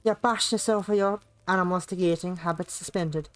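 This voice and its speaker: A woman's voice: fairly low pitch, steady tone, fairly quick, soft background music. Woman reading a visual novel aloud. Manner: stumbling, self-mocking asides. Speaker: streamer.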